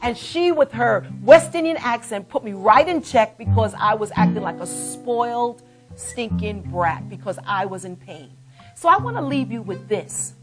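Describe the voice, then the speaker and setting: A woman's voice: on the high side, animated, moderate pace. A woman in her forties hosting a talk show, telling a closing story in a dramatic, building way. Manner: dramatic, rising to near-shouting in the story. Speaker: show host. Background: soft guitar music.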